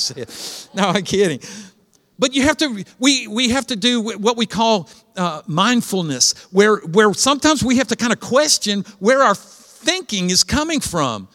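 A man's voice: high voice, expressive, normal speed, a bit bright, long reverb tail. A man preaching a sermon as pastor, chatty, throwing questions at the congregation. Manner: conversational, asks the congregation questions.

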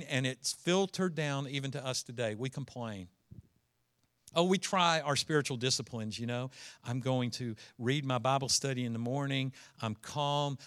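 A middle-aged pastor preaches an animated sermon, acting out the complainers he quotes and dropping into a low, confiding voice for his asides.

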